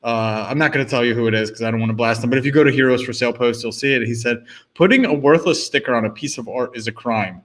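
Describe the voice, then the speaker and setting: A man's voice: medium pitch, a bit bright. A man co-hosting a podcast in casual chat, often repeating a word as he starts a sentence. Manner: quick, repeats words when he starts a sentence. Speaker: podcast co-host.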